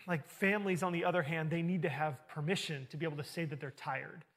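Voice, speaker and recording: A man's voice: on the high side, fairly even intonation, fast, fairly bright tone. A man preaching a sermon, telling a personal story in an earnest, conversational way.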